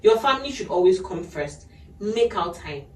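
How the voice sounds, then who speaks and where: A woman's voice: mid-range voice, lively intonation, normal speed, darkish tone. A woman hosting a podcast, giving earnest advice to parents in a casual chat and laughing often. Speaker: podcast host. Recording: echoey room, mic at a distance.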